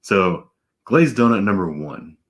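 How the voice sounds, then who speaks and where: A police officer in his thirties vlogs casually from home during an eating challenge, talking with his mouth full of donuts. His voice is low and expressive, a little slow.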